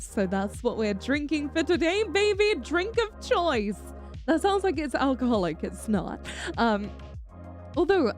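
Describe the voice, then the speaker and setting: A woman streamer chatting casually with her viewers, affectionate and giggly, calling them darling. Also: high-pitched. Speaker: VTuber streamer. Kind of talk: casual live-stream chat.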